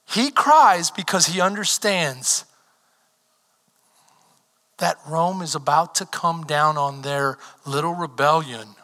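A man preaching a sermon as pastor, swinging from shouted lines down to near whispers. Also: fairly high pitch, takes it slowly, pauses often. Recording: reverberant hall.

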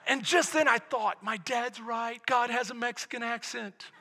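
A middle-aged man preaching a sermon as pastor, building from quiet storytelling to loud shouted preaching. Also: very high voice, fairly even intonation, moderate pace, hardly any pauses, husky. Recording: long hall reverb.

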